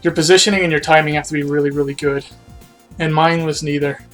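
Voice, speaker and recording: A man's voice: fairly high pitch, level tone, fast, a bit bright, soft background music. A man casually chatting on a live game stream, self-critical and rambling, trailing off, a bit out of breath.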